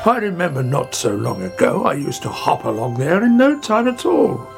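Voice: mid-range voice, sing-song, normal speed, creaky. Narrator doing a greedy grumbling fat toad. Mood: puffing. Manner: grumbling, puffing. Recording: music playing behind.

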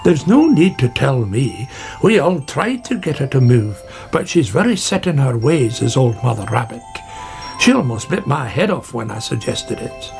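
A man's voice: mid-range voice, very animated, moderate pace, gravelly, darkish tone, soft background music. A man voicing a grumbling, sensible male badger in a storybook reading. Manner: grumbling, muttering.

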